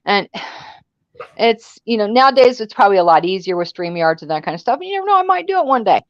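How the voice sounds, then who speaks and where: A woman's voice: mid-range voice, sing-song, fairly quick, dry recording, highs cut off. A woman co-hosting a casual livestream panel, talking bluntly and bossily and tossing out insults. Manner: blunt, bossy and name-calling. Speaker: panel co-host.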